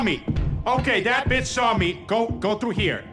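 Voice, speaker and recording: A young man giving loud, profane, panicky commentary while playing a horror game. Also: very high voice, measured pace, music in the background. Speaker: gamer streamer.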